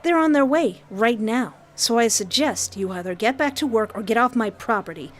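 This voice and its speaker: A woman voicing a stern, indignant female mine boss in a story game, curt and commanding, her voice fairly high. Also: lively intonation, normal speed, lightly acted.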